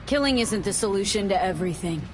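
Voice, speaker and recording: A woman's voice: mid-range voice, animated, fast, faint music behind, lightly acted. An actress playing a blunt, dry-humored female mercenary.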